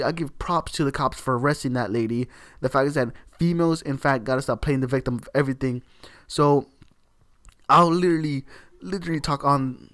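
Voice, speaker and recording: A man's voice: mid-range voice, dry recording. Male vlogger, mid-range voice, profane and heated, circles back on his points; dry, deadened recording. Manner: heated, repetitive, swears often, leans on "literally". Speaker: video creator. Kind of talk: opinion rant to camera.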